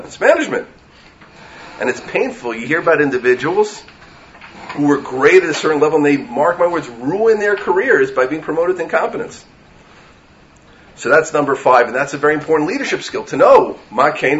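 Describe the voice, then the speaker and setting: Animated man teaching a Torah class. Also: a little high. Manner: animated, asks rhetorical questions, mixes in Hebrew verses. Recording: dull lo-fi recording.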